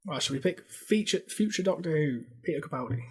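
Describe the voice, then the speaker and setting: A man's voice: on the high side, lively intonation, fairly quick, husky. A man co-hosting a casual chat, giggling often, swearing freely and mock-ranting for laughs. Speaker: podcast co-host.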